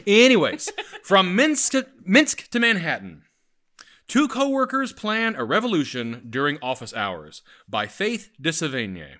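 Lively joking host. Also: male voice, sits high, measured pace. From Atlanta, Georgia. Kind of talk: casual radio chat, reading stage directions.

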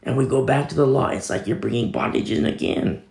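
A male pastor preaches a sermon like he's telling a story, reading and quoting scripture along the way. His voice sits in the middle range and is animated and fairly quick, with vocal fry and a slightly mellow quality. The sound is reverberant.

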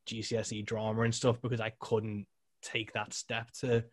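A man's voice: on the low side, normal speed, no echo, studio quality. A man hosting a podcast interview, chatting casually with lots of fillers. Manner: relaxed, lots of "like" and short agreements. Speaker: podcast host, musician.

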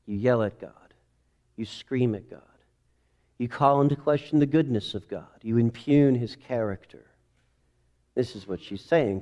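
A man preaching a sermon, moving between quiet reflective passages and loud, rising exclamations. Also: mid-range voice, moderate pace, long pauses. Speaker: pastor.

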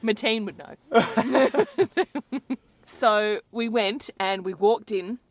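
A woman's voice: a little high, very slow. Gushing Australian woman podcaster. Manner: animated, gushing, teasing. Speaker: podcast co-host. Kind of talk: casual travel chat.

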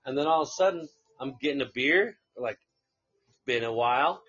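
A man's voice: mid-range voice, expressive, normal speed, a bit bright, husky, dull audio. A man casually telling a rambling story on a live stream, swearing freely and laughing along the way. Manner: profane, rambling anecdote with laughs.

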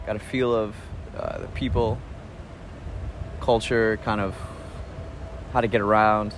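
A man talking in a casual spoken travel diary, relaxed and reflective, rambling with restarts and soft chuckles. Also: fairly low pitch, a little slow, noisy background. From United States. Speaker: podcast host.

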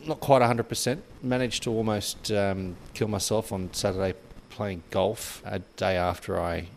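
A man co-hosts a podcast in loose, rambling chat, filling pauses with ums and uhs. His voice is gravelly and sits somewhat low. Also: fairly even intonation, a little mellow, slight background noise. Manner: rambling, chatty, with many fillers. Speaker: podcast co-host.

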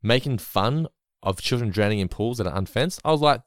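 A man co-hosting a podcast, chatting casually and getting animated, swearing when he's worked up. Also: mid-range voice, brisk, no room sound, clean studio sound. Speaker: podcast co-host. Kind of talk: casual chat recapping an episode.

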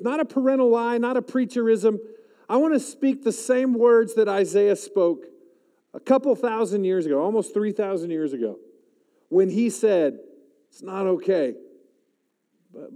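Animated man in his forties preaching. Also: high-pitched, long reverb tail. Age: 40s. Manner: animated, rising loud for emphasis, dropping soft to pray; calls out to the audience. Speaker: chapel speaker. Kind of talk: sermon.

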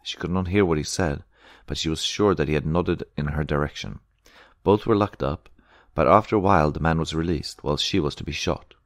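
Very deep-voiced male audiobook reader. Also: a little fast, dry recording, clean studio sound. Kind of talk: audiobook narration.

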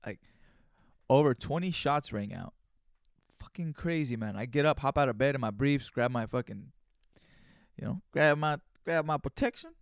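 A man's voice: mid-range voice, expressive, normal speed, vocal fry, smooth, dry recording, studio quality. A man hosting his own podcast, telling a rambling, profane story in casual, conversational speech. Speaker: podcast host. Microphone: studio microphone.

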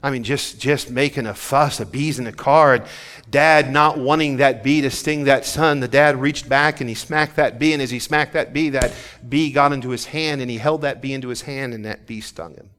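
Impassioned preacher. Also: male voice, mid-range voice, fairly even intonation, normal speed. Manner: swings between hushed, intimate passages and rising, fervent preaching; repeats and restarts words as he builds intensity. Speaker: pastor. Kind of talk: sermon.

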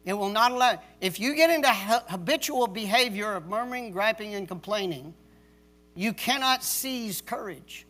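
At a church service, a male pastor with a high, lively, slightly bright voice preaches at a moderate pace. His sermon is stern and emphatic, repeating key words for stress like a drill sergeant.

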